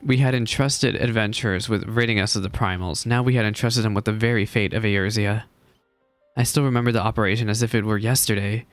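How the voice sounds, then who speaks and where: A man reading aloud the lines of a friendly, hardened female soldier from a game, in an earnest, measured way. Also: on the low side, fairly even intonation, no room sound, faint music behind, natural voice. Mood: recounting.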